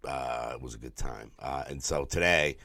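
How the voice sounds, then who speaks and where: A man's voice: very deep voice, normal speed, creaky, no room sound. Tired New man telling stories. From New York. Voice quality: throaty, tired voice. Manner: profane, animated storyteller who mimics people. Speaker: podcast co-host. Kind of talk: casual storytelling chat.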